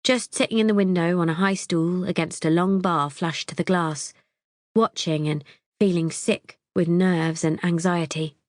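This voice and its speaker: A woman's voice: fairly low pitch, steady tone, normal speed, no echo, studio quality. A woman narrating a psychological thriller audiobook in the first person, wry and tense.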